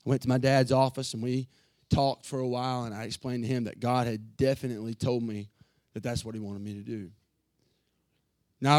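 A man's voice: mid-range voice, a little mellow, dry recording. Man preaching, earnest, fervent at peaks, dry close sound. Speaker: pastor. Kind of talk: emotional sermon announcement.

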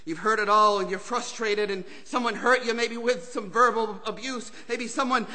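A male preacher delivering a pleading revival sermon, swinging between hushed, intimate appeals and shouted calls. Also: high voice, normal speed, big-room sound. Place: church sanctuary.

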